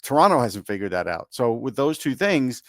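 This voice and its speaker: A man's voice: mid-range voice, big pitch swings, normal speed, fairly bright tone, no echo, clean studio sound. A man co-hosting a podcast in casual sports chat, opinionated and teasing, laughing easily. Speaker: podcast co-host.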